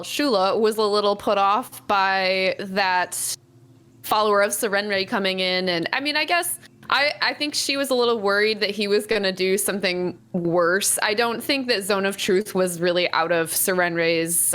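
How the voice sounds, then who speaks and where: A woman's voice: mid-range voice, steady tone, normal speed, a bit bright, clear, resonant tone. A woman talking thoughtfully about her tabletop character, with some hesitation. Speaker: player. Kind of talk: casual chat about a character.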